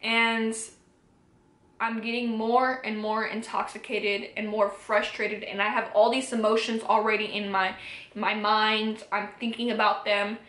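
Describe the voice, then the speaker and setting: A woman's voice: medium pitch, little pitch movement, unhurried, fairly bright tone. A young woman vlogger candidly retelling a personal story to camera, acting out the dialogue as she goes. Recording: echoey room.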